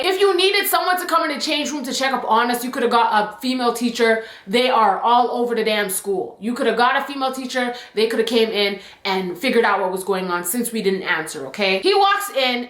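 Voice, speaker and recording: A young woman vlogger tells a story in an animated, emphatic way. She keeps adding "like" and "okay?" in a bright, slightly high voice. The echoey room gives her voice a roomy ring. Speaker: YouTube storyteller. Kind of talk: storytime vlog.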